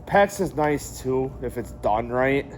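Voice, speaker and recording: A man's voice: mid-range voice, expressive, slow pace. Rambling, swearing young Midwestern man. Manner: rambling, swears often, many fillers. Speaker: vlogger. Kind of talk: casual vlog chat. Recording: faint background noise.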